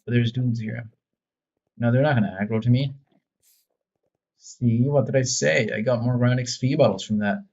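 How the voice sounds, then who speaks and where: A man's voice: medium pitch, steady tone, moderate pace, creaky, long pauses, darkish tone, dull audio. A man giving casual, rambling gameplay commentary, joking and mocking himself as he plays. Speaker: gaming video creator.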